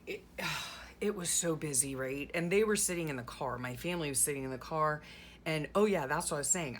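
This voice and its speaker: A woman's voice: low-pitched, a bit bright, a little hiss or hum. A middle-aged woman chatting casually while gluing things into a journal, rambling through a story with sarcastic asides. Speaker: journaling vlogger. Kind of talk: casual chat while crafting.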